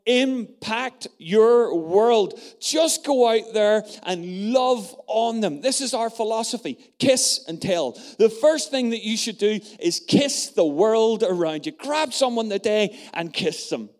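A man's voice: high voice, expressive, unhurried, few pauses. A middle-aged man preaching a sermon, telling a story and often turning to address the congregation. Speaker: pastor.

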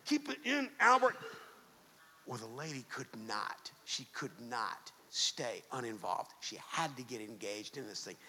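A man's voice: on the low side, measured pace, hardly any pauses, sharp tone, in a large hall, a little hiss or hum. A man preaching a sermon, telling a story with frequent restarts and repeated words. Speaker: pastor.

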